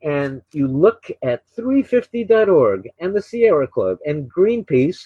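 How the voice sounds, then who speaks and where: An older man hosting his own radio show, talking in a rambling, opinionated way, often repeating words and filling pauses with uh and um. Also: fairly high pitch, very animated, slightly rough, no echo. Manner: opinionated, sarcastic. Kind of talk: casual solo talk radio monologue. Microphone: desk microphone beside a laptop. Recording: dull, slightly lo-fi dry recording.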